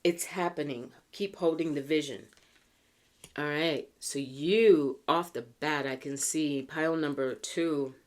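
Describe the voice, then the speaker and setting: An American woman doing a pick-a-card tarot reading, chatty and earnest, slowing down to read the cards aloud and clearing a tickly throat. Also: low-pitched. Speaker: tarot reader.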